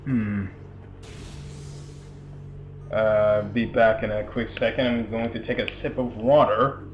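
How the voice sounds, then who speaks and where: A man's voice: lowish voice, level tone, slow pace, highs cut off, soft background music. A young man giving casual, rambling commentary over a video game, full of chatty asides and fillers. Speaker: let's play commentator.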